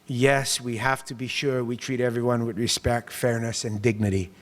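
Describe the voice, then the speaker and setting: A man giving a public speech to a business group as mayor, telling stories in an animated way and acting out other people's lines. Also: medium pitch, normal speed. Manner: animated storytelling, acts out quoted voices with laughs. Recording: long hall reverb.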